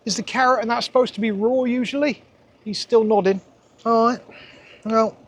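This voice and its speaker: A man's voice: very high-pitched, fairly even intonation, normal speed. A man reviewing takeaway food in a casual vlog, sarcastic and exasperated.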